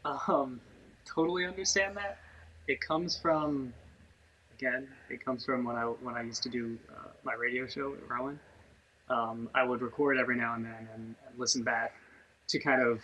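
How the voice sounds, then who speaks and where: A man's voice: medium pitch, fairly even intonation, moderate pace, sharp tone. Chatty man on a muffled podcast. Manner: chatty, rambling with fillers. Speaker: podcast co-host. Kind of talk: casual chat. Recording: muffled lo-fi audio with faint noise.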